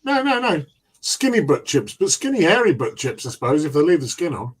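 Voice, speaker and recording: A man's voice: a little high, sing-song, fairly quick, husky. A man chatting on a live stream, teasing and laughing often. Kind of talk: casual banter.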